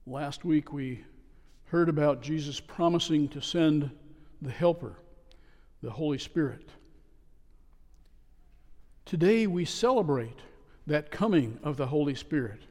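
Casting note: male pastor with a slightly higher voice, earnest storytelling sermon, long church echo. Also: expressive, a little slow, pauses often, a little mellow. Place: church sanctuary. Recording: long reverb of a church hall.

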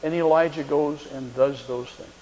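A man's voice: fairly high pitch, fairly even intonation, moderate pace, warm tone, slight background noise. A man preaching a sermon, retelling a story and acting out the quoted lines in shifting voices. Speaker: pastor. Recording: long reverb of a large hall.

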